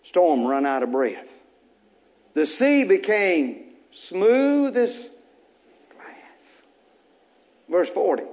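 A man's voice: high-pitched, very animated, extremely slow, pauses often, darkish tone. A male pastor preaching a sermon, repeating phrases and rising into emphatic bursts.

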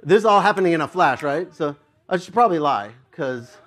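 A male pastor with a slightly high voice, telling a story from the pulpit. He is animated and pokes fun at himself, laughing often as he goes. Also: a little fast. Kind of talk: storytelling sermon.

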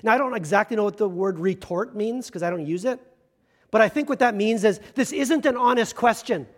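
A man, a pastor, giving a conversational sermon with self-deprecating humor and slow, emphatic stresses. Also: sits high.

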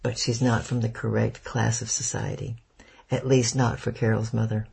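A knowing, frank family friend, read by a man in an audiobook, making blunt, matter-of-fact remarks. The voice is gravelly and very husky. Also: on the low side, level tone, moderate pace, a little mellow, full character voice.

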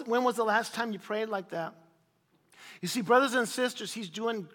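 High bright preacher man in reverberant church. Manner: insistent, repetitive preaching with sudden loud peaks. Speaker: pastor. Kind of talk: sermon. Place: church hall.

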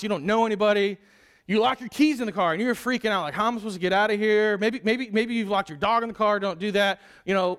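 High-voiced man preaching casually. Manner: conversational, animated storytelling with many restarts. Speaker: pastor. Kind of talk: sermon.

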